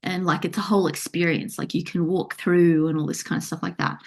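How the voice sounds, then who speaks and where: A woman's voice: fairly low pitch, steady tone, a little fast, creaky. A woman guesting on a podcast, chatting casually with lots of loose asides. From Australia. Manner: chatty, rambling with fillers. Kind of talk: casual chat.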